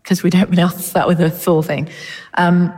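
A woman's voice: lowish voice, little pitch movement, normal speed, dark tone, slightly rough, in a large hall. A woman preaching a sermon in a church, chatty and informal with touches of humour. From Britain.

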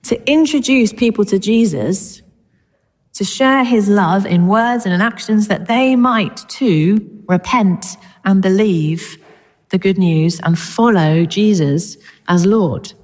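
A woman's voice: mid-range voice, slow, a little mellow, big-room sound. A woman preaching a sermon in a church, chatty and informal with touches of humour. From Britain.

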